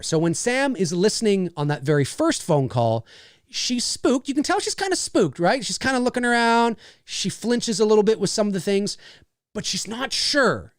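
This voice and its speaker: A man's voice: fairly high pitch, no echo, studio quality. A man hosting a casual livestream, animatedly talking through film scenes he made. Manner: animated, acts out scenes as he explains.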